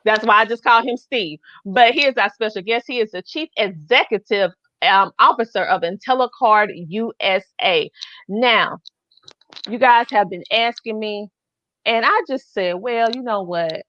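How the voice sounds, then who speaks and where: Southern lady hosting her online show, all excited and gushy, kinda muffled dry audio. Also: mid-range voice, normal speed, no room sound. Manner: enthusiastic, effusive. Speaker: host. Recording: dull lo-fi dry sound.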